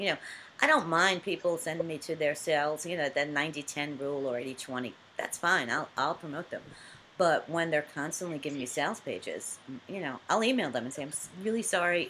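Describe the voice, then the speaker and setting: A woman's voice: sits low, fairly bright tone, slight background noise. A woman hosting a casual chat over a video call, talking freely with frequent restarts and laughter. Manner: chatty, laughs often, many restarts. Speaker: host.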